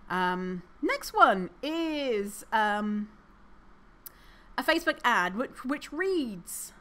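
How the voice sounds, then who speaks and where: A woman's voice: fairly high pitch, very animated, drawn-out words, fairly bright tone. A woman hosting her own podcast, chatting casually, reading reviews aloud with sarcasm and frequent swearing and laughter. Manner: laughs often, chatty with many fillers. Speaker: podcast host. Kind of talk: casual solo podcast commentary.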